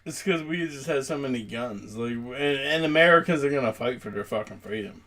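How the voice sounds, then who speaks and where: A man's voice: medium pitch, a little fast, bright, forceful tone. A man co-hosting a podcast, chatting casually in loose, profane banter and laughing often. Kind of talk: casual chat.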